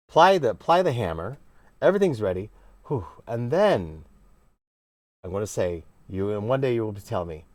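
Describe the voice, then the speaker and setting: Lively, animated male cello teacher. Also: fairly low pitch, normal speed. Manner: animated, playfully emphatic teaching with sudden exclamations. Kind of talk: casual cello lesson. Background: cello playing.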